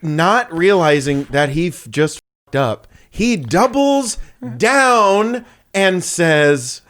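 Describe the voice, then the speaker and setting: A young man with a slightly high, very lively voice tells a story to his co-host. He is animated, laughs often, and acts out the people in it. It is casual podcast chat. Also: slow pace.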